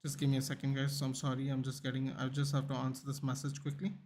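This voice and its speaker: A man's voice: mid-range voice, fast talker, a little hiss or hum. A young man hosting a live football watchalong, reacting casually to the match and chatting with viewers. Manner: animated, chatty, reacts to the game and reads chat.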